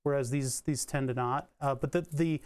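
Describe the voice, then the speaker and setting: A man's voice: mid-range voice, steady tone, normal speed, a little mellow, clean tone, no echo, studio quality. Laughing man streaming while soldering. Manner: joking, laughs often, rambling. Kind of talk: casual live-stream chat.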